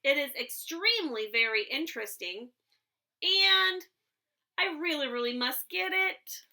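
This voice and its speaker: A woman voicing an eager, insistent little girl who is excitable and obsessed with one book. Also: high-pitched, unhurried, creaky, full character voice.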